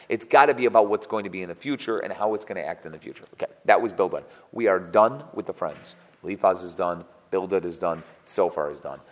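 A man teaching a text study class, reading verses and translating and explaining each one. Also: sits low. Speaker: Torah teacher. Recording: long hall reverb.

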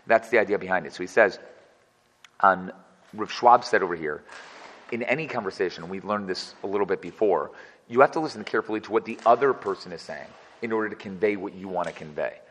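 A man's voice: sits low, quick pace, a bit bright, in a large hall, poor audio. A man teaching a text study class as its teacher. He reads verses and then translates and explains each one. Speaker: Torah teacher.

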